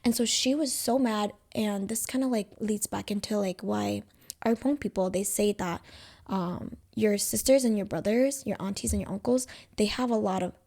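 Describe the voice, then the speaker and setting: A woman's voice: mid-range voice, moderate pace, vocal fry, darkish tone. Young female podcast co-host; loose, filler-heavy storyteller. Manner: rambling, heavy use of "like" and "you know". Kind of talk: casual storytelling chat.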